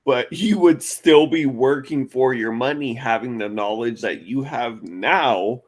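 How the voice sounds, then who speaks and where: Man, podcast host, casual chat, mid-pitched voice, brash, profane jokes. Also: a little slow.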